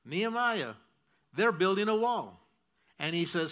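A male pastor preaching with a high, bright voice. He drives his points home by repeating key phrases and keeps turning to the congregation with questions. His delivery stays firm and urgent. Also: expressive, moderate pace. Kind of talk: sermon.

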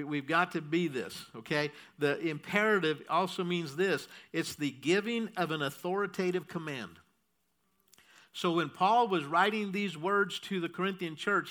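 A male pastor preaching with a high, bright voice. He drives his points home by repeating key phrases and keeps turning to the congregation with questions. His delivery stays firm and urgent. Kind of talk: sermon.

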